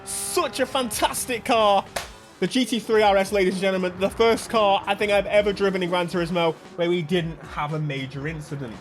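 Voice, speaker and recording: A man hosting a gaming channel, commenting on a racing game in a jokey, excitable way and laughing often. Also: high voice, fast, hardly any pauses, soft background music.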